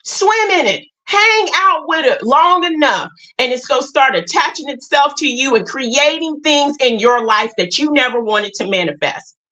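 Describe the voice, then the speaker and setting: A woman's voice: sits high, expressive, moderate pace, few pauses, bright, forceful tone, rough recording. A woman hosting a livestream, giving an impassioned, blunt and preachy spiritual talk to her viewers. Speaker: livestream host.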